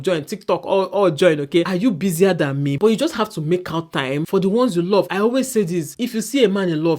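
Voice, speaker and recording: Nigerian woman in her thirties, rapid emphatic show commentary, repeats her points. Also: lowish voice, a little mellow. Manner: emphatic, opinionated, repeats points with rhetorical questions. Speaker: reality show reviewer. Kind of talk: casual commentary monologue.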